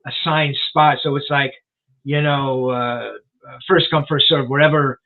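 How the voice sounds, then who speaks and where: A rock journalist and author in his sixties tells a story as a guest in a casual interview, rambling with plenty of "you know" and restarts. His voice is mid-range, fairly even, and unhurried. The line sounds tinny, like a phone.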